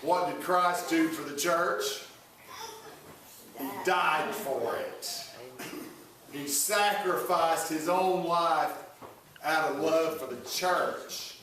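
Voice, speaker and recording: Slow folksy preacher in an echoey church. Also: male voice, a little high, bright, forceful tone. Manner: folksy, joking asides to the congregation. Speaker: pastor. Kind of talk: sermon. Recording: echoey room, voice from far off.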